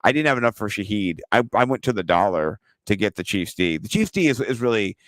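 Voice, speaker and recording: A man co-hosting a fantasy football show, joking, teasing and swearing casually. His pitch swings widely as he talks. The sound is close and dry. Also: fast talker, no echo. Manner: joking, profane, animated banter. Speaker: podcast co-host.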